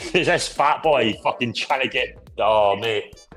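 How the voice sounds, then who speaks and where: A man's voice: mid-range voice, slow, fairly bright tone, soft background music, rough recording. A man in casual chat, swearing constantly and telling boisterous stories with bursts of laughter. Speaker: podcast co-host. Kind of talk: casual pub-style chat.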